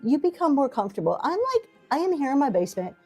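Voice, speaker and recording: Middle-aged woman host, mellow slightly high voice, rambling encouraging livestream chat, faint music behind. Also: very animated, quick pace. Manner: rambling, self-deprecating, encouraging, many fillers. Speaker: livestream seller and talk show host. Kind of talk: casual livestream chat to viewers. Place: home basement. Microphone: camera in front of her.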